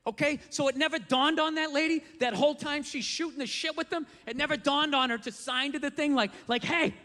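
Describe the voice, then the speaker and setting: A man's voice: very high voice, brisk, bright, forceful tone. A man doing a profane, ranting stand-up comedy routine on stage, acting out the voices in his story. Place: comedy stage before an audience. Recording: live venue with long reverb, faint noise.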